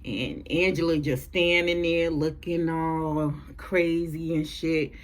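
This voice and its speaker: A woman chatting casually through a TV episode recap, animated and profane, with features. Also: low voice, slow pace. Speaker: recap vlogger.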